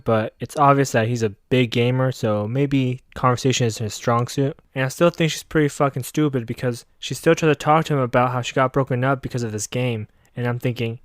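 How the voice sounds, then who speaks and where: A young man tells an anime plot as a sarcastic, swearing comedy recap, jumping his pitch up whenever he quotes the girls. His voice is smooth and clear. The sound is close and dry with no room around it. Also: dry recording. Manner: sarcastic, mocking asides. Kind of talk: casual comedic recap with profanity.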